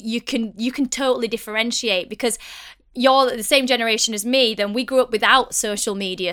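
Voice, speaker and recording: A woman's voice: fairly high pitch, a bit bright, clean tone. A woman in her forties hosting an interview, asking earnest questions. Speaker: podcast host.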